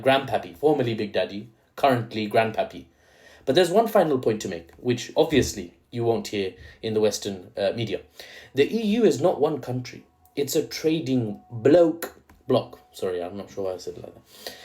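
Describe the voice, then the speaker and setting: A man's voice: medium pitch, a little mellow. A man hosting solo geopolitics commentary, casual and analytical, checking in with "right?" after his points and adding playful asides.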